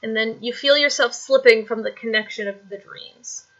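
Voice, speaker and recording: A woman's voice: a little high, normal speed, fairly bright tone, muffled recording. A woman narrating a tabletop game as dungeon master, rambling through descriptions with many fillers.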